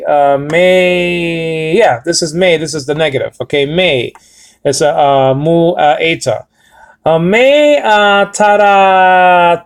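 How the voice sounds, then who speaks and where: Emphatic man teaching Bible Greek. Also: fairly high pitch. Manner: emphatic, repeats words, frequent "okay?" check-ins. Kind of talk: screen-shared Bible lesson with Greek text.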